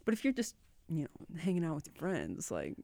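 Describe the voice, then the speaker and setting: A woman's voice: low voice, wildly swooping pitch, a little fast, gravelly, dark tone, no echo. A young woman talking casually as a podcast guest, laughing often and chatting freely. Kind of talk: casual chat.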